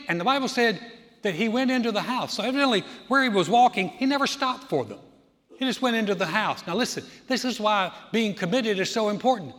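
A man's voice: high voice, fairly quick. Man, pastor, preaching, acting out characters, echoing hall. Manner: animated storytelling, acts out voices. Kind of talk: sermon.

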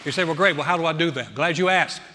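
A male pastor preaching a sermon, shifting from conversational talk to loud, fervent declaration. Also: on the high side, quick pace, long reverb tail, some chatter behind, a little hiss or hum.

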